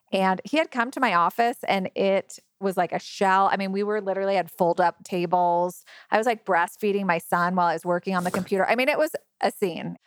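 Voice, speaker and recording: A woman's voice: medium pitch, brisk, no room sound, studio quality. A middle-aged woman who founded a company, telling her story in an interview in a chatty way, with many fillers and acted-out quotes. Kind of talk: interview conversation.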